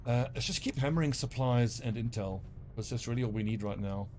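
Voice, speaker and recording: This man's South African-accented voice is medium-pitched, fairly quick and darkish in tone, with faint music playing behind. He rambles through casual gameplay commentary as he streams, cursing offhandedly and poking fun at himself.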